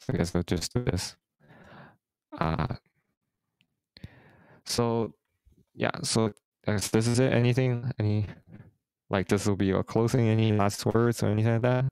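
A man's voice: on the low side, unhurried, pauses often, darkish tone, clean tone, no room sound, rough recording. A man hosting a casual live stream, talking through market charts in a hesitant way with many fillers and restarts. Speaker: host.

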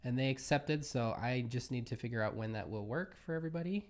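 A man in the middle of his range chats casually as a podcast co-host. He sounds relaxed and a little sleepy, rambling loosely through a live stream. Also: medium pitch, quick pace.

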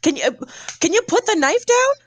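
A woman playing a tabletop role-playing game, answering in character with quick, sassy lines. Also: very high-pitched, very animated, dry recording. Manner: sassy, quick, laughs at own slips. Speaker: player.

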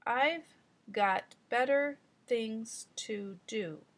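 A woman voicing a young girl reading aloud, sounding out words slowly with stops and restarts. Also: a little high, heavily acted. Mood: halting.

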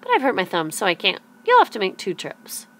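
A woman's voice: medium pitch, wildly swooping pitch, fairly quick, a bit bright, a little hiss or hum. A woman voicing a bossy, snappish grown stonemason in a read-aloud storybook. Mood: patronizing. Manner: snappish, dismissive.

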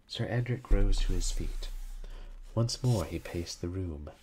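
A man reading an old horror story aloud in a slow, solemn, dramatic manner. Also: deep voice, animated, a little mellow, a little hiss or hum. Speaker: reader.

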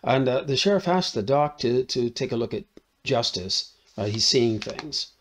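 A man's voice: medium pitch, expressive, normal speed. A man giving a casual spoken film review, recapping the plot and tagging his sentences with "right?" between frequent fillers. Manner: conversational, thinking aloud.

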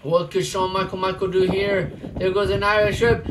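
High-voiced excitable male wrestling commentator. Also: moderate pace, hardly any pauses, noisy background. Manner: excitable, breaks into shouts at big moves. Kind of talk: amateur wrestling play-by-play commentary. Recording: distant mic with loud music behind.

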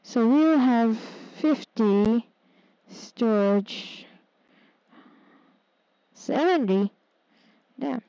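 A gaming streamer plays a city-building game, muttering to herself casually and getting easily exasperated when things go wrong. Her voice is fairly high with a dark tone, very slow and full of pauses. The audio is dull, with no echo.

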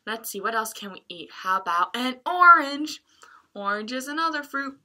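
Slow, bright sing-song woman storyteller. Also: fairly high pitch, expressive. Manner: sing-song, playful, with animal sounds and laughs. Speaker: children's librarian. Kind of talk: reading a picture book aloud to young children.

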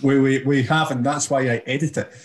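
A man co-hosting a podcast, giggly and halting in casual chat. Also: medium pitch, fairly even intonation, heavy background noise. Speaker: podcast co-host. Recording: echoey room.

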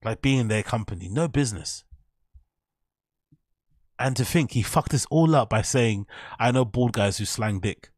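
A man's voice: medium pitch, lively intonation, normal speed, long pauses, no room sound, clean studio sound. A man hosting casual reaction commentary, mocking and profane as he rambles over clips. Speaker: commentary channel host.

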